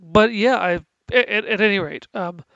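A man's voice: high-pitched, normal speed, creaky, a bit bright, dry recording, muffled recording. A man with stuffy sinuses co-hosting a casual chat about TV, rambling with many restarts and fillers. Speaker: podcast co-host.

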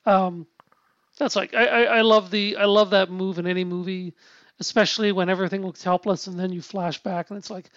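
A man chatting casually about a film, halting often with restarts, fillers and casual swearing. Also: high-pitched, fairly even intonation, a bit bright, no room sound. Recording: dull lo-fi sound.

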